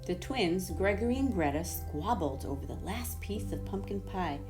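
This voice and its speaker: A woman reading a picture book aloud to young children, gentle and expressive, sometimes dropping to a hushed whisper. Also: lowish voice, normal speed, over music.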